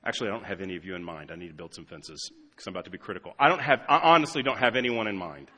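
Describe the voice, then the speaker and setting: A middle-aged American man preaching a sermon as pastor, moving from quiet asides to loud emphatic lines. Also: low-pitched, very fast, breathy edge, big-room sound. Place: church sanctuary.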